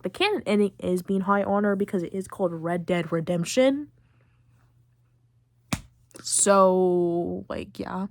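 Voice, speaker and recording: A teenage girl hosting a podcast who recaps a video game in a chatty, excitable way, full of fillers. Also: mid-range voice, no room sound. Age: late teens. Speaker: podcast host.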